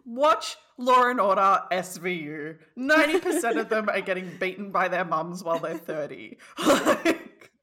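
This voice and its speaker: Bright, lively woman podcast co-host; giggly, crude, blunt banter. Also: medium pitch, measured pace, few pauses. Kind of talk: casual podcast chat.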